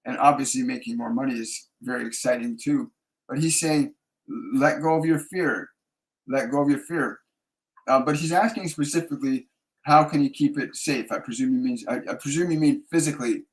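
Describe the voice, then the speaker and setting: A man's voice: mid-range voice, normal speed, poor audio. A man working as a spiritual medium, answering viewer questions in a live Q&A. He searches for his words, with many restarts and fillers. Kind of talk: live Q&A readings.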